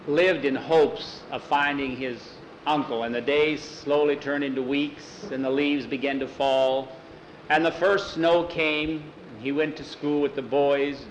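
A man telling a story aloud in a folksy, unhurried way, with small restarts and slips. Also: on the high side, slight background noise, poor audio. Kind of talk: casual oral storytelling.

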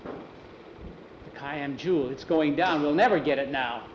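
A man playing a steady male adventurer. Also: a little high, slow, roomy sound, dull audio, slight background noise. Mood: alarmed.

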